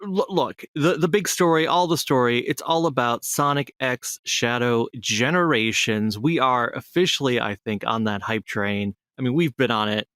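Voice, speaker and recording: An upbeat man co-hosts a casual podcast and runs through the news in a chatty way. His voice sits at a middle pitch. The recording is dry and close, with no room sound. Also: normal speed, hardly any pauses, a bit bright, no room sound. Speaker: podcast co-host.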